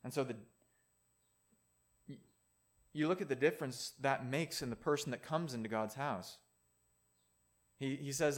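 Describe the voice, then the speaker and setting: A man's voice: mid-range voice, measured pace, pauses often. A man preaching a sermon in a conversational way, with playful asides.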